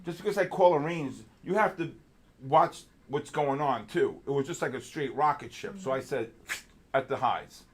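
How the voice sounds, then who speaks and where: Excitable male trading stream host. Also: mid-range voice, moderate pace, husky. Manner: excitable, chatty, shouts out to viewers. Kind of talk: live trading stream commentary.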